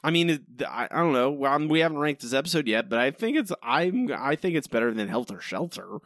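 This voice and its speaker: A man's voice: medium pitch, sing-song, fairly quick, a bit bright, dry recording, clean studio sound. A man co-hosting a podcast, rambling and exasperated, asking why again and again. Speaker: podcast co-host. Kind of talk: casual critical chat.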